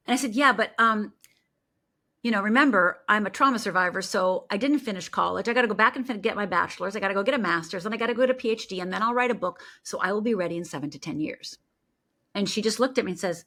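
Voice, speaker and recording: Bright animated woman telling a story. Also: mid-range voice, fast. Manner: animated storyteller, acts out quoted voices. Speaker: guest life coach. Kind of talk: storytelling in an interview.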